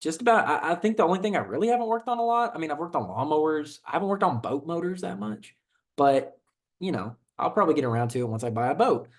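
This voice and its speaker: A man's voice: on the high side, animated, fast. A young man with a Southern twang, chatting loosely as a video host, full of fillers and restarts while he reacts to comments. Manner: rambling, laid-back, many fillers and restarts. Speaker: channel host.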